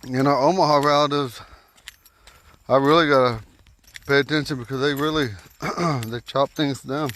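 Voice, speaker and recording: A man giving a casual, folksy language lesson while out walking at night, talking into a phone and repeating words slowly. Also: medium pitch, fairly even intonation, fairly bright tone, slight background noise. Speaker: language teacher. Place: outdoors at night on a walk.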